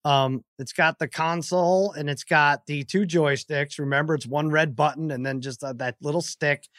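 A man in his forties with a slightly high voice tells stories in an animated, exasperated, jokey style as a podcast co-host. The mic is close and completely dry. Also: moderate pace, no echo. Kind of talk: casual chat, storytelling.

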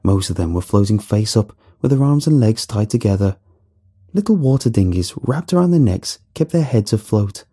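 A man reading a horror story aloud in a dramatic, animated way, with faint music behind. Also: on the low side, normal speed, husky. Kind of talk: scripted horror narration.

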